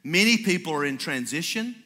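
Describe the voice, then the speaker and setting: A man preaching a sermon, acting out the voices in his stories with lively energy. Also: fairly high pitch, fairly quick. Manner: animated storyteller acting out dialogue. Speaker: pastor. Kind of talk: sermon with storytelling. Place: church sanctuary with congregation. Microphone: stage microphone. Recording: reverberant church hall.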